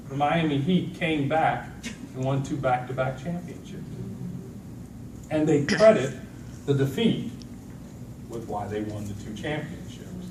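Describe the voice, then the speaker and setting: A middle-aged man giving a storytelling talk to a conference audience, acting out the people in his stories. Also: on the high side. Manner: animated storytelling with acted-out quotes. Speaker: motivational speaker. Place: large event hall with an audience. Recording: echoey hall, distant mic, noisy.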